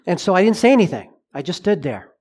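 A middle-aged man preaching a sermon, telling a personal story with lively acted-out dialogue. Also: sits high, fast talker. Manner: animated storyteller, acts out dialogue.

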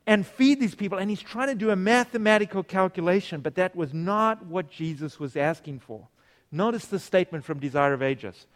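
A man with a somewhat high voice delivers an animated sermon. He asks the congregation questions and briefly plays the people in his stories. His voice carries a long echo through the hall. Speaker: preacher.

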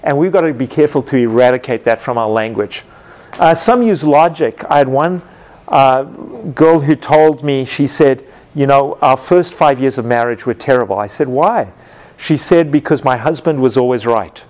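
A man teaching a Bible class, telling everyday stories with lively acted-out moments and questions to his students. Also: mid-range voice, normal speed. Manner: animated storytelling, acts out scenes with sound effects.

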